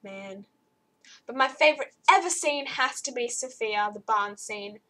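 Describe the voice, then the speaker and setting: Teenage girl, casual bedroom vlog, chatty, bright voice. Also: a little slow. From Australia. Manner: chatty and rambling, voice jumps high when excited. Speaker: vlogger. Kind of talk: casual chat to camera. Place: her bedroom at home.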